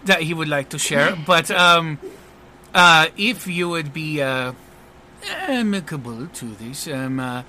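A man doing a flamboyant, self-important superhero with a French accent, all theatrical flourishes and smug pauses. The voice sits on the high side, bright and forceful, with loud swoops upward. It is tabletop role-play acting at the table. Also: a little hiss or hum, full character voice. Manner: smug, theatrical, full of hesitations.

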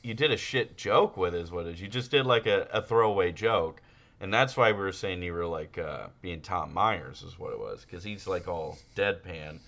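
A man co-hosting a casual podcast, laughing often and breaking into loud, high-pitched impressions. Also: animated, moderate pace, gravelly. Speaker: podcast co-host.

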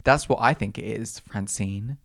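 A young man in his early twenties hosting a solo podcast, chatting casually and dramatically with camp slang and sudden high exclamations. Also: moderate pace, gravelly, dry recording, clean studio sound. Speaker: podcast host. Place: rural home.

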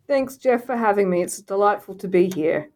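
Woman, 50s, softened Australian accent, podcast guest, thoughtful, hesitant. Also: mid-range voice, expressive, moderate pace. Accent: Australian, softened by US years. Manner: thoughtful, with frequent ums. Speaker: guest scholar, department chair. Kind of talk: podcast interview.

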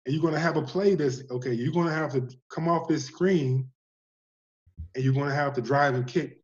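A man, a basketball coach, talks with a fairly high voice in animated, casual conversation. He acts out what his players say as he tells stories, and he speaks. The sound is muffled and lo-fi, as if it came over a remote link. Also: fairly quick. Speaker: basketball coach, podcast guest.

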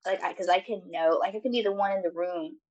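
A woman's voice: lowish voice, fast talker, darkish tone, highs cut off. Hesitant young woman podcast guest. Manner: rambling, hesitant, filler-heavy. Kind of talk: casual chat.

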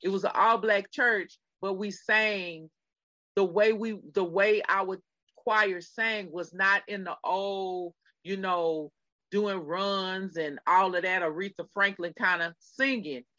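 A middle-aged woman co-hosts a casual podcast chat in a bright, forceful voice. She is emphatic and speaks straight to her listeners. The sound is dry and a little dull. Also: medium pitch, fairly even intonation, slow pace, dry recording. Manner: emphatic, addresses listeners directly. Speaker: podcast co-host.

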